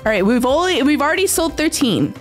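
A young woman streaming a game, chatting casually and excitably with her viewers, often giggling. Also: sits high, a little fast. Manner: excitable, giggly, talks to chat. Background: faint background music.

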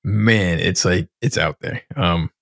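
A man in his thirties co-hosts a podcast, talking in loose, rambling casual chat and swearing easily. His voice sits on the low side. The sound is dry and close, with no room heard. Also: slow pace, creaky, a bit bright, no room sound. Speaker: podcast co-host.

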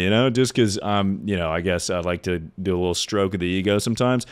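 Deep-voiced joking male streamer. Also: quick pace, few pauses, clear, resonant tone. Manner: sounds like announcing things; sarcastic, joking asides. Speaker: livestreamer. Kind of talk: casual livestream Q&A chat.

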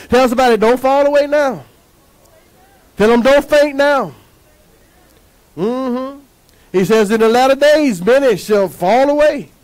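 A man preaching a sermon as pastor, emphatic and lively, asking the congregation to answer back. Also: very high voice, poor audio.

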